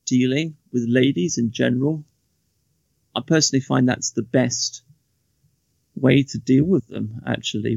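A man's voice: medium pitch, vocal fry, no echo. A man talking in casual podcast chat, rambling with many restarts and mocking asides. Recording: dull, lo-fi, dry sound.

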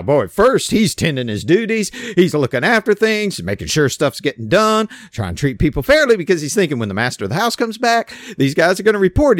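A man preaching an informal sermon, emphatic and animated, with frequent restarts. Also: medium pitch, dry recording. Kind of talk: casual sermon.

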